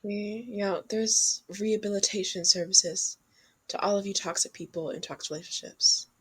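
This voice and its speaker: A woman's voice: mid-range voice, steady tone, moderate pace, fairly bright tone, slightly rough. A young woman co-hosting a podcast, chatting casually and giving frank dating advice straight to listeners. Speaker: podcast co-host. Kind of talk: casual chat.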